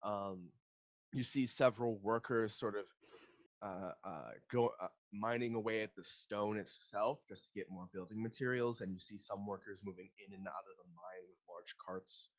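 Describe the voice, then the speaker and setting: A man's voice: lowish voice, normal speed, muffled recording. A man narrating a tabletop game as game master, hesitant with many ums and restarts.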